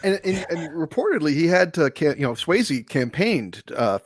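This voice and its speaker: A man's voice: fairly high pitch, big pitch swings, normal speed, no room sound, studio quality. A man co-hosting a film podcast, chatting casually and rambling with lots of swearing. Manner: rambling, swears often, acts out anecdotes. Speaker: podcast co-host.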